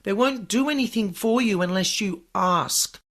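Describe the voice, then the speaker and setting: A woman's voice: mid-range voice, moderate pace, fairly bright tone. A woman hosting a podcast as a paranormal specialist, explaining things in an earnest, chatty way. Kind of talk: conversational podcast talk.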